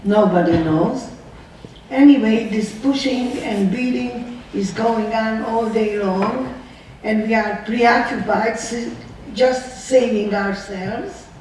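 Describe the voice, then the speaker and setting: A woman's voice: a little high, takes it slowly, a little mellow, slight background noise. A woman in her nineties giving a personal testimony, telling her story earnestly and asking many rhetorical questions. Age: 90s. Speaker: survivor speaker. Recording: distant echoey hall recording, faint ambience.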